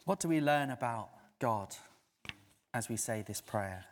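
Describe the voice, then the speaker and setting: Animated preacher in a reverberant hall. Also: male voice, medium pitch, measured pace. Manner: storytelling, animated, quoting others in raised voice. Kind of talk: sermon.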